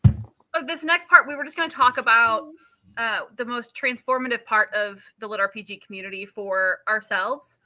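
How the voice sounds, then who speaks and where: A woman's voice: a little high, normal speed, pushed and bright. A woman co-hosting a casual video chat, earnest and self-deprecating.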